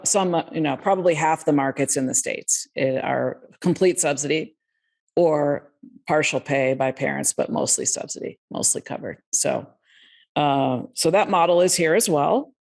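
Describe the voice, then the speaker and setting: A woman's voice: deep voice, moderate pace, creaky, a little mellow. Upbeat woman hosting a podcast. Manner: upbeat, conversational. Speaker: podcast host. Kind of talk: podcast interview.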